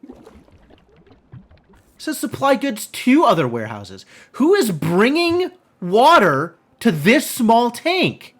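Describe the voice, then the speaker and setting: Animated man musing over his game. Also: very high-pitched, takes it slowly. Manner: thinking aloud, rambling with lots of "like"; puzzled musing questions to himself. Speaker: game streamer. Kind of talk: casual live gameplay commentary.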